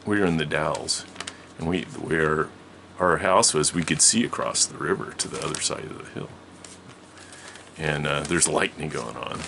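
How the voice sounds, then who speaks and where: A man's voice: rumbling low, normal speed, creaky, bright, forceful tone, a little hiss or hum. A man casually telling a personal story, rambling and correcting himself often.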